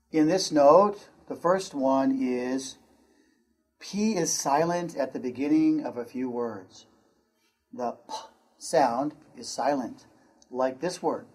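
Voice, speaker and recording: A man from the United States with an American accent, teaching an English pronunciation lesson and repeating words slowly and clearly for learners to copy. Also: on the high side, darkish tone.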